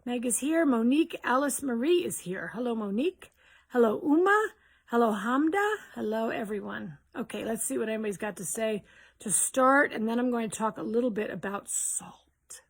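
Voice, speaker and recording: A woman's voice: fairly high pitch, expressive, normal speed. A woman hosting a live question-and-answer stream, greeting viewers with cheers and talking casually with rambling restarts. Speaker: host of a live Q&A.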